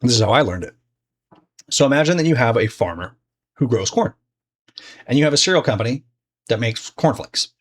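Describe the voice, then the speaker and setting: A man's voice: mid-range voice, animated, a little fast, long pauses. A man teaching trading in a loose, conversational way, full of fillers and restarts. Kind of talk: casual explanatory lesson.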